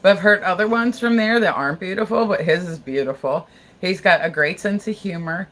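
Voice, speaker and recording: A woman's voice: lowish voice, fairly quick, fairly bright tone, a little hiss or hum. A young American woman chatting casually on her live stream, blunt and rambling, repeating herself and swearing freely. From United States. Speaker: livestream host.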